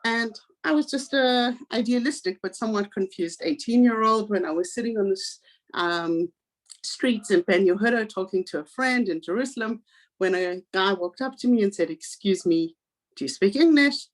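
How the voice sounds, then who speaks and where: A South African woman in her forties, a guest speaker telling her life story in a lively way and acting out the voices of people she quotes. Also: mid-range voice, moderate pace. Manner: animated, acts out quoted voices. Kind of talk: personal storytelling talk.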